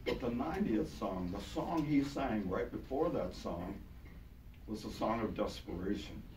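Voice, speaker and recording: An older man with a low, hoarse voice preaches in a relaxed, conversational way, leaning on repeated words for emphasis. He is heard from some distance in a roomy, echoing church hall. The recording carries a clear layer of background noise. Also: unhurried. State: hoarse, voice partly gone. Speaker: pastor. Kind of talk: sermon. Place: large church hall with congregation. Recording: echoey hall, taken from far off, noisy.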